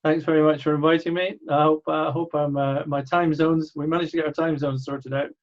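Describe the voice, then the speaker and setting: A man's voice: on the high side, flat delivery, fairly quick, muffled recording. An older man with a mild Scottish accent, a doctor speaking as a guest in a conversational interview with dry, wry humor. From Scotland.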